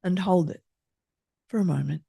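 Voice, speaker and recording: A middle-aged woman hosting a podcast, calmly leading listeners through slow breathing exercises with gentle, soothing instructions. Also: on the low side, gravelly, husky, no room sound, studio quality. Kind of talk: calm guided breathing exercise.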